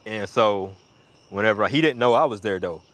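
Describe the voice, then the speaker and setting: A man telling a rambling, profane story in casual chat, acting out the other people in a high voice and dropping to a mutter when he reflects. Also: a little fast, a bit bright. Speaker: storyteller on a live audio chat.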